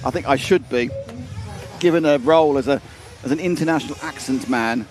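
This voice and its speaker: A man's voice: mid-range voice, a little fast. A British man co-hosting a racing live stream, chatty and self-mocking, often laughing. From United Kingdom. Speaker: race stream co-commentator. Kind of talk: casual live-stream chat.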